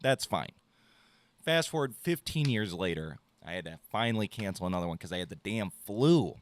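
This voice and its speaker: In a dry recording, a podcast host with a lowish, lively voice speaks at normal speed while telling a casual, foul-mouthed story. He performs both ends of his phone conversations as part of the loose storytelling chat.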